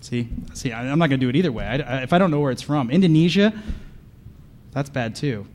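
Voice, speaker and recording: A man giving a comedic conference talk, deadpan and sarcastic, bantering with the audience from the stage. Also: medium pitch, fast, a little hiss or hum. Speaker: conference speaker.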